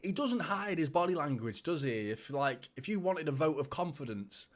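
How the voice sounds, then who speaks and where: A man's voice: fairly high pitch, big pitch swings, normal speed. Man, thirties, live watchalong host, casual match chat, laughs often. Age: 30s. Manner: chatty, laughs often, reads out viewer comments.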